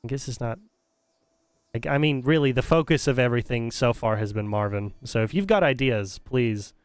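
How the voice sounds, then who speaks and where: Male game streamer, smooth voice, dry close sound, casual and hesitant as he thinks aloud. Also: medium pitch, moderate pace, no echo. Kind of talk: casual live-stream commentary.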